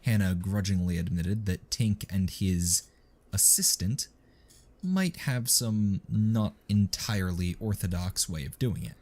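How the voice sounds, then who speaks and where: Low-voiced man reading a story. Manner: steady, measured reading. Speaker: narrator. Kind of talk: scripted narration.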